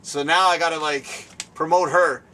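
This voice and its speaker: A man hosting a casual interview at a guest's home, excitable and rambling, laughing often, recorded from a distance. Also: on the high side, normal speed, a little hiss or hum. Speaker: show host. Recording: distant mic, faint room ambience.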